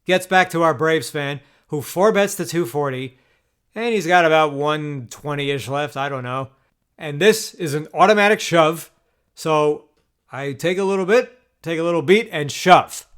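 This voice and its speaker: A man with a slightly high voice, recapping poker hands in a casual monologue, venting with frustration and lots of swearing. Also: unhurried, smooth. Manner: frustrated, profane, animated venting. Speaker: poker vlogger.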